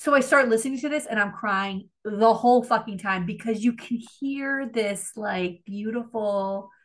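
A woman's voice: fairly high pitch, normal speed. A woman co-hosting a podcast in casual chat, rambling and gushing, swearing freely as she tells a story. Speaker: podcast co-host.

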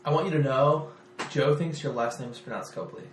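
A man hosting a podcast, chatting casually in a quick, wry, joking way. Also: a little high, noisy background. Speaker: podcast host. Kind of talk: casual chat. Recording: echoey room.

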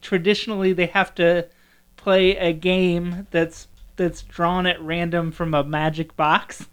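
A woman's voice: on the low side, little pitch movement, unhurried, clean tone. A woman co-hosting a casual movie chat, talking in a chatty way with frequent laughs and trailing sentences. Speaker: podcast co-host.

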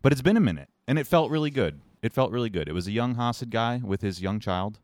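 A man's voice: medium pitch, fast talker, no room sound. A man co-hosting a casual chat, joking and sardonic as he tells stories. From United States. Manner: sardonic, joking, animated storytelling.

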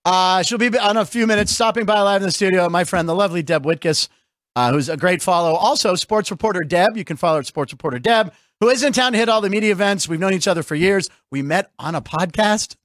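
A man hosting a comedy sports show from a studio, talking in jokey, animated banter. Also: high voice, fast talker, no room sound. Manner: animated, jokey, puts on mock announcer voices. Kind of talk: joking radio-style banter.

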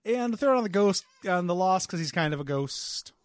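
A man's voice: high-pitched, animated, moderate pace, dry recording. A man co-hosting a podcast in casual comedic banter, rambling loosely with crude jokes. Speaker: podcast co-host.

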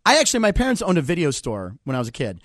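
Male comedian guest, forties, Pittsburgh-raised, lively animated storyteller, dry studio sound. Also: fairly high pitch, racing, no echo. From Pittsburgh area. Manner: animated, acts out voices in his stories. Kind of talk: casual storytelling.

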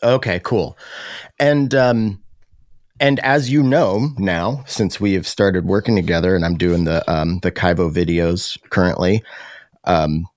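A man's voice: sits low, unhurried, darkish tone, no room sound, studio quality. A man hosting a podcast, talking casually with lots of fillers and restarts. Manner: chatty, many fillers and restarts. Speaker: podcast host.

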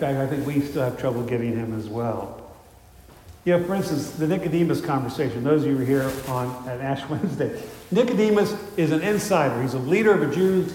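A man's voice: a little high, brisk, a little mellow, slight background noise. Man preaching in an echoey hall. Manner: storytelling, conversational, with frequent fillers and restarts. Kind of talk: sermon. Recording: echoey hall with faint ambience.

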